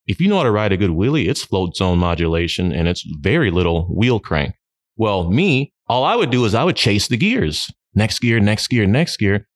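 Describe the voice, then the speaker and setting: A middle-aged man with a lowish voice tells stories as a podcast guest. He laughs often and slips into his friends' voices as he acts out their lines. The recording is close and dry. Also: sing-song, normal speed, dry recording. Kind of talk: storytelling in a podcast interview.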